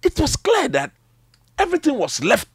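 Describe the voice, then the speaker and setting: A man's voice: very high voice, wildly swooping pitch, normal speed, no echo, studio quality. A man, an emphatic, boastful football pundit in heated banter.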